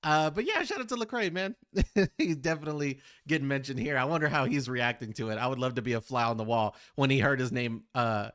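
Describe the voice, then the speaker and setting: A man's voice: medium pitch, fairly quick, a bit bright, no room sound, clean studio sound. A man hosting a music reaction video, talking reflectively and directly to his viewers. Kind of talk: casual reaction commentary.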